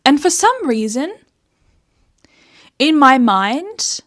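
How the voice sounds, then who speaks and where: A young Australian woman hosting a casual book vlog, animated and sweary as she rants, with frequent laughs. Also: high voice, slow pace. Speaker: book reviewer host.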